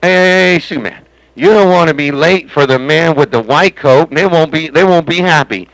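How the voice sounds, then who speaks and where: A man rambles and jokes over his home CB base station in a folksy way. His voice sits a little high. The sound is dry and close, with no room around it. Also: moderate pace, a bit bright, dry recording, rough recording. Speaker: CB radio operator and stream host. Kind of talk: casual radio chat.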